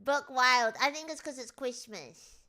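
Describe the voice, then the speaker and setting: Brief: young woman host, bright and lifted, excitable chatter, quick giggles. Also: high voice. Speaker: VTuber streamer host. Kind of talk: casual chat.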